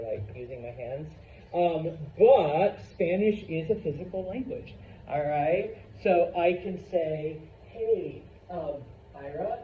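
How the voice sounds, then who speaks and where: A male Spanish teacher giving a classroom lesson, animated and constantly checking in with the students. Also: on the high side, a little hiss or hum. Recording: echoey classroom from far off, dull.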